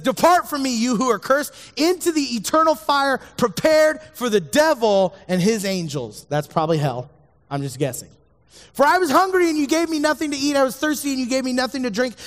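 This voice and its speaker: A man's voice: high-pitched, long reverb tail. A man giving a casual, joking sermon who keeps checking in with his audience.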